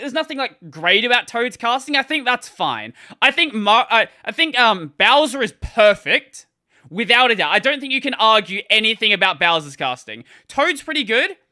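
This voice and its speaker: A man's voice: very high-pitched, very animated, normal speed, bright, forceful tone. A man streaming games who rambles casually, laughs often and keeps restarting his sentences as he reacts. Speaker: gaming streamer. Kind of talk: casual live-stream commentary.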